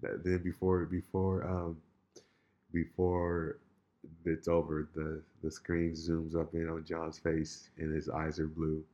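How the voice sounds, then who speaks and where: A man with a very low voice tells a long story in casual chat, rambling and restarting his sentences as he goes. The sound is dull and lo-fi. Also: monotone, takes it slowly, warm tone.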